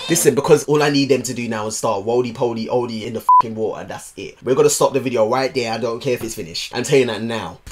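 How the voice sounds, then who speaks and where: Male reaction host, loud and gushing, big pitch swings, music under the voice. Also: fast. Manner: loud, excitable, swearing, jumps into high squeals. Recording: music playing behind.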